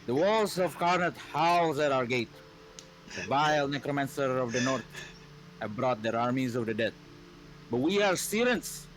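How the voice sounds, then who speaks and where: A man voicing a deep, husky-voiced woman ruler who gives a slow, solemn address to her people in a tabletop game. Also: animated, slight background noise, lightly acted, rough recording. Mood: proclaiming.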